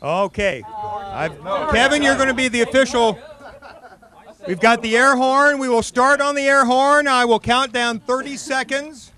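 Bright high-voiced man calling a contest. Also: a little slow. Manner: upbeat, laughing, mock sportscaster. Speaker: emcee of a contest. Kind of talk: playful play-by-play commentary.

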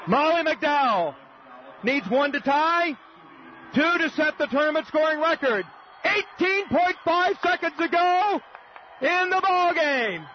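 High-voiced Midwestern man calling basketball. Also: a little slow. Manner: shouts and repeats calls in excitement. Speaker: radio play-by-play announcer. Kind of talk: excited basketball commentary. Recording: dull old radio broadcast recording.

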